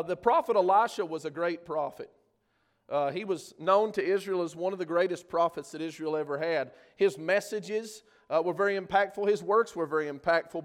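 A male preacher giving an earnest sermon on a scripture passage, building in force on key points. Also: sits high.

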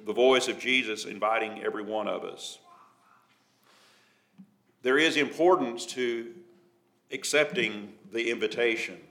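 Male preacher, bright clear tone, measured delivery, reads scripture aloud. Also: mid-range voice. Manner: measured, reads scripture in King James wording. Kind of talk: Bible study sermon.

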